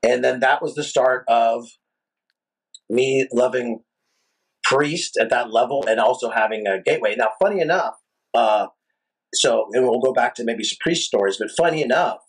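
A rock singer guest telling a long, animated, profane story in a casual interview. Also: male voice, medium pitch, moderate pace, husky, low-quality recording. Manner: animated, profane, rambling anecdotes.

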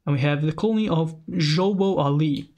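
A man hosting a casual commentary, reading lore aloud and reacting with excited, rambling asides. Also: fairly high pitch, normal speed, highs cut off. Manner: excitable, rambling, frequent restarts and exclamations. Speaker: channel host.

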